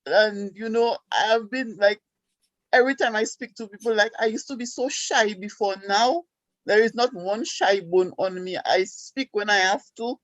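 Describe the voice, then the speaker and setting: A woman from Saint Lucia with a Saint Lucian accent, calling in and telling her story in an excited, chatty way with lots of fillers. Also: mid-range voice, moderate pace, no echo, rough recording. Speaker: caller. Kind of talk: casual call-in chat.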